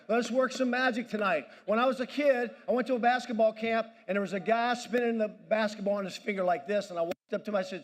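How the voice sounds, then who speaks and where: A man's voice: sits high, fairly even intonation, brisk, few pauses. A man giving a motivational speech at a banquet, commanding and pumping up the audience. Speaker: motivational speaker. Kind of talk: energetic crowd-directed speech. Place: banquet hall.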